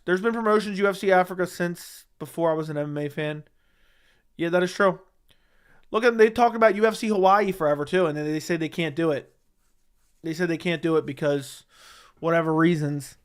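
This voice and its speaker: Speaking into a studio dynamic mic, this man hosts a laid-back MMA stream from home. He reads out what viewers write and argues back in a defensive way, circling over the same points, his voice sitting on the high side.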